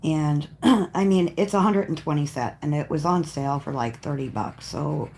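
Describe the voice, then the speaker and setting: A woman hosting a live coloring stream, chatting casually in a rambling way and often clearing her throat as she works. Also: low-pitched, moderate pace, a little mellow, a little hiss or hum. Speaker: coloring livestream host. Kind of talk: casual livestream chat while coloring.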